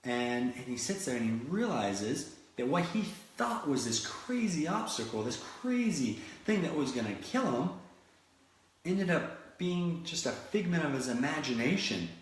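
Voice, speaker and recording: This Florida man gives a motivational talk in a fairly high voice with big pitch swings, taking his time. He tells stories animatedly and restarts often, all in a very echoey room.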